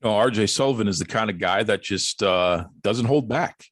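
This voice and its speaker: A man's voice: on the low side, normal speed, a bit bright, no room sound, clean studio sound. A man hosting a podcast in casual chat, jokey and teasing, laughing often. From Boston area. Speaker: podcast host.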